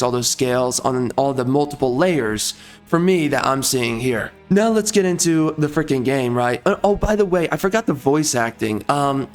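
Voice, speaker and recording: A man rambles through casual game impressions, crude and opinionated, his voice sitting a little high. He gets heated easily and drifts between points. Faint music plays quietly behind him. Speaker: game commentator.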